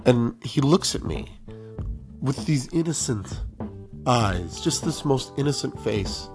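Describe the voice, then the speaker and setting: A man's voice: mid-range voice, sing-song, normal speed, creaky, faint music behind. A middle-aged male teacher telling a story from his classroom in a casual, self-mocking way, acting out the people he quotes.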